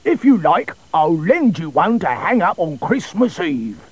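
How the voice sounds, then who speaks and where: A man voicing a kindly, fussing storybook king for a children's story, speaking slowly and gently. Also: high voice, big pitch swings, breathy edge, no echo, exaggerated voice. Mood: gentle.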